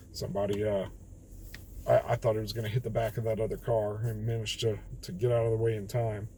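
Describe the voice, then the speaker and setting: A man's voice: medium pitch, dark tone, a little hiss or hum, poor audio. A man reading Bible verses aloud and then reflecting on them in a plain, candid way, sitting in his car. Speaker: host of a daily Bible reading video. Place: in a car on a rainy night.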